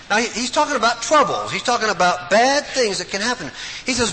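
A man's voice: extremely high pitch, sing-song, fairly quick, pushed and bright. A man preaching a sermon in an emphatic, storytelling way, recorded in a hall. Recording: echoey hall, faint room noise.

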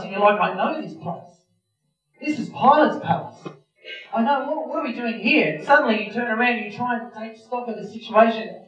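A man's voice: high-pitched, fairly bright tone. Male preacher, storytelling sermon, talks right to the room; recorded a bit far off, lo-fi. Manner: vivid storytelling, addresses listeners directly. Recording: roomy, distant, dull sound with faint music.

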